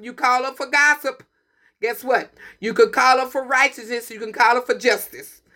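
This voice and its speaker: A woman's voice: a little high, fairly even intonation, moderate pace, pushed and bright. A woman hosting a community radio broadcast, talking with preachy, emphatic passion and repeating her points. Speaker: radio host.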